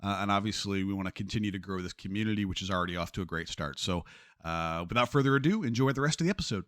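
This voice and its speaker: A man hosting a casual podcast who talks in a lively, joking way with frequent restarts. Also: low-pitched, rapid-fire, dry recording, studio quality. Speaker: podcast host.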